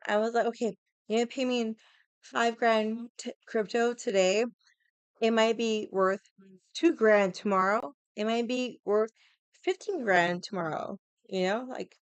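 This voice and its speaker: A woman vlogger telling stories in a casual, animated way, swearing often and acting out other people's lines. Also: mid-range voice, unhurried, long pauses, clean tone, no room sound. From Hawaii. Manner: animated, profane, laughs often, acts out quotes. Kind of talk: casual storytelling chat.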